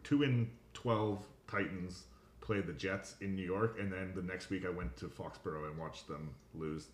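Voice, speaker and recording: A man chatting on a podcast, animated and quick to laugh as he tells a story. His voice sits a little low, and the room around him echoes. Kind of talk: casual podcast chat.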